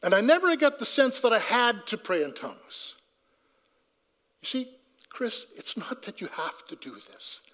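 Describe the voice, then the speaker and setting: A man's voice: very high voice, very animated, a little slow, fairly bright tone, in a large hall. A man telling a personal faith story in a conversational way, acting out his own dialogue and restarting sentences. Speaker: speaker giving a personal testimony.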